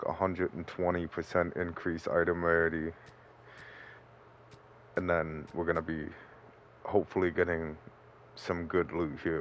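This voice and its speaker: A man's voice: low voice, a bit bright, a little hiss or hum. A man streaming a game, chatting casually and loosely explaining his play with a lot of fillers. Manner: laid-back, rambling, with fillers. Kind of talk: casual gameplay commentary.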